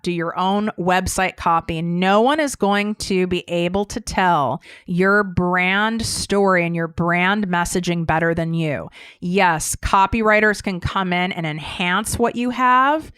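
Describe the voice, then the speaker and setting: A woman host gives business advice in a direct, emphatic manner and drives her points home by repeating them. Her voice is smooth and resonant and sits a little low. The recording is dry and close, with no room sound. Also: unhurried, a bit bright, no echo. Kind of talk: instructive business talk.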